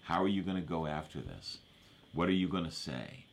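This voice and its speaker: A man's voice: low voice, animated, moderate pace, vocal fry. A man preaching a sermon in a conversational way, often repeating verses and asking the listeners to agree. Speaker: pastor.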